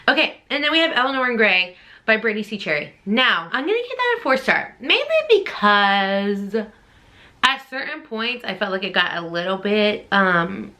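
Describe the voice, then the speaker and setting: A woman's voice: mid-range voice, sharp tone. A young woman, chatting casually in a book vlog, gushing and full of fillers. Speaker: book vlogger.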